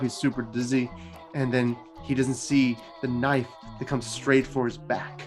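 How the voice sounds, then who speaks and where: A man's voice: mid-range voice, fairly even intonation, moderate pace, soft background music. A man hosting a gaming channel, retelling a story casually and chattily, with lots of filler words.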